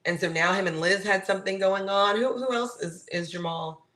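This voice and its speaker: A woman co-hosting a casual reality TV recap, giving her measured opinion and her own rules. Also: mid-range voice, over a noisy crowd, low-quality recording. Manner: thoughtful, sets out her personal rules. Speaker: podcast co-host.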